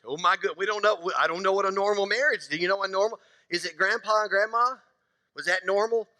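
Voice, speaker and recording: Bright-voiced joking pastor. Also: male voice, high voice, a little fast. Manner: joking, conversational, asks the congregation questions. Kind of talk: sermon. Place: church sanctuary.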